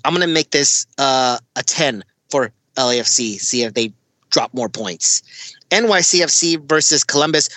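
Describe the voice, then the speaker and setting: Steady podcast host, dry sound. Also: mid-range voice, no echo, poor audio. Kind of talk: casual sports prediction podcast.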